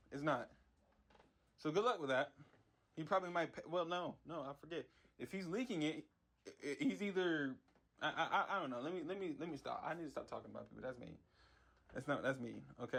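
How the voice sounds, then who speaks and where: A young MUGEN character creator rants in a casual vlog, his fairly high, slightly bright, husky voice rambling with frustration. He uses a lot of slang and keeps repeating words.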